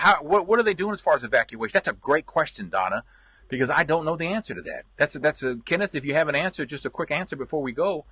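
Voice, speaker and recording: A man with a slightly high, somewhat bright voice hosts a casual live stream, reading and answering viewer comments, laughing often and repeating himself. There's no room sound.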